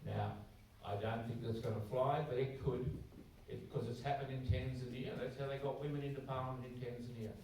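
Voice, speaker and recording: A man's voice: medium pitch, steady tone, brisk, hardly any pauses. Aussie guy talking to a church crowd, far from the mic, lots of hall echo. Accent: Australian. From Australia. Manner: conversational, acts out dialogue in shifting voices. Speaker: speaker, Anglican priest. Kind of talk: public talk to a church audience. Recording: very echoey hall, distant mic, faint noise.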